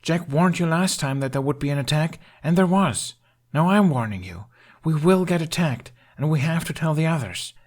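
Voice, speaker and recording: A man's voice: a little high, animated, normal speed, voice pushed up. A man voicing Hiccup, a frantic young Viking. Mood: pleading. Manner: pleading, urgent, raised voice.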